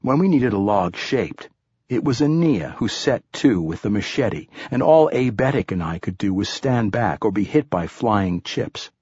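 A man reading an adventure novel aloud as an audiobook, in calm, measured storytelling. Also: fairly low pitch, husky, no echo, studio quality. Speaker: audiobook narrator. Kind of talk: scripted audiobook narration.

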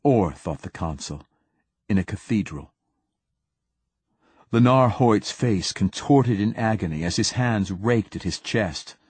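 A man narrating an audiobook in a steady storytelling manner. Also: on the low side, unhurried, long pauses, slightly rough. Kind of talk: scripted narration.

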